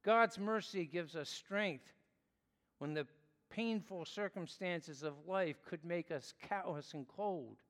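A man preaching in an unhurried, earnest way, dwelling on the words he wants to stress. His voice sits a little high for a man. Long reverb trails behind him, as in a large hall. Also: a bit bright. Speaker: pastor. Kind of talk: sermon.

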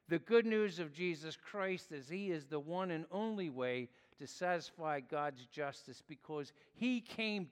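Male pastor, higher-pitched voice, slow deliberate sermon delivery, reverberant hall. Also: fairly bright tone, clean tone. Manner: earnest preaching, stressing key words, slow and deliberate.

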